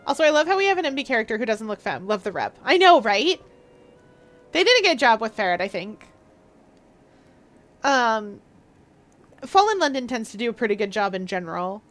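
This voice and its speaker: Young woman, streamer, playful, giggly, casual chat, higher voice. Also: very animated, brisk, long pauses, fairly bright tone, soft background music.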